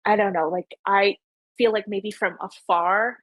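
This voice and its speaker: Young Canadian woman host, slightly husky, loose and rambling, lots of "like", dry close sound. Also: mid-range voice, fairly even intonation, measured pace, no echo. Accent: Canadian, Ontario. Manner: rambling, heavy on filler "like". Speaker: podcast host. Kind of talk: casual chat.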